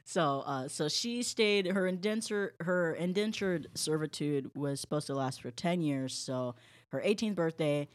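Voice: medium pitch, unhurried. A podcast co-host telling a story in casual chat, blunt and irreverent.

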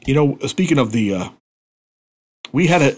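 Animated man telling stories. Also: medium pitch, normal speed, husky. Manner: animated storyteller, swears freely. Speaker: podcast co-host. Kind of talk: casual chat, storytelling.

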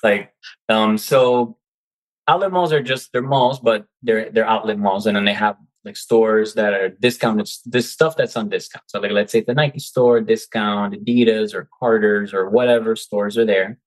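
A man's voice: fairly low pitch, steady tone, normal speed, poor audio. A man who is a guest coach on an interview show, speaking in casual chat and acting out his own quoted reactions. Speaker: guest, seller turned coach.

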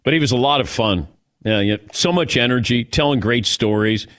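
A man hosting a sports talk show, chatting casually and telling lively stories. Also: medium pitch, moderate pace, no room sound, studio quality. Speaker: sports radio host.

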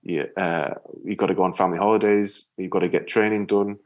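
A man, a guest telling stories in a casual interview chat, full of lively re-enactments. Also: low-pitched, a little fast. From Yorkshire, England. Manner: storytelling, lively, animated re-enactments. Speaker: guest, ocean rower.

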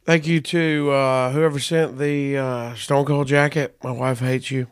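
A male host talks slowly and offhandedly, stumbling through thanks with plenty of fillers. He sounds queasy and lightheaded. The sound is close and completely dry. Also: mid-range voice, flat delivery, smooth, dry recording. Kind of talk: casual chat.

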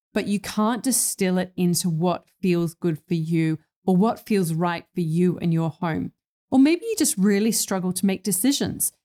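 Mellow-voiced woman hosting a podcast. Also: mid-range voice. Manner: thoughtful, self-correcting, earnest. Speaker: podcast host, interior stylist. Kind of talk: reflective solo podcast talk.

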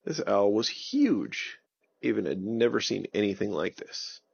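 A man narrating a bedtime story for children in a gentle, unhurried way. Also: on the low side, sing-song, creaky, slightly rough, highs cut off.

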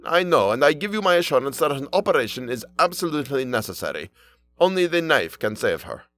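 A man's voice: mid-range voice, steady tone, unhurried, natural voice. A man voicing a desperate, agitated foreign merchant husband who pleads and flares into anger. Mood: agitated pleading.

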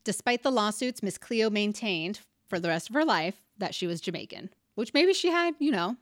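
A young woman co-hosts a casual podcast, telling a story in a chatty way with wry asides. Her voice sits at a middle pitch. The recording is close and dry, with no room sound. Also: animated, moderate pace, dry recording. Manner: chatty storytelling, reads out facts with asides and laughs. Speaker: podcast co-host. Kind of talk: casual chat.

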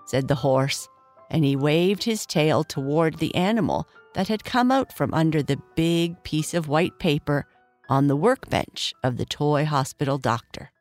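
A woman gently reading a children's story aloud in an expressive, unhurried way. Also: sits low, soft background music.

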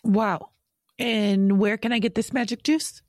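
A woman co-hosting a podcast in casual chat, talkative and quick to laugh at herself. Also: medium pitch, steady tone, darkish tone, no echo, clean studio sound. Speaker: podcast co-host.

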